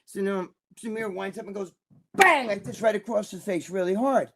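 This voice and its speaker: A man with a somewhat high voice spins tales as a guest in a casual interview. He swears freely, rambles, and keeps restarting his sentences. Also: normal speed, fairly bright tone. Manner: profane, rambling, with many restarts. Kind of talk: casual storytelling.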